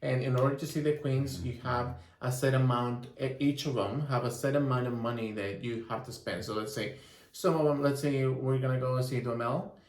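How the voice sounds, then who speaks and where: A man's voice: medium pitch, a little fast. Easygoing man reviewing, in an echoey room. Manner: relaxed reviewing, with frequent restarts and ums. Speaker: vlogger co-host. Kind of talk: casual chat review.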